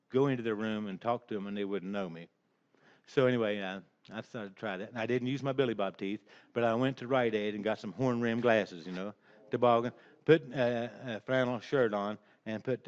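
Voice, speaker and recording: A man's voice: medium pitch, smooth. An older man telling a rambling, folksy personal story, chuckling along as he goes. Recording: dull lo-fi recording.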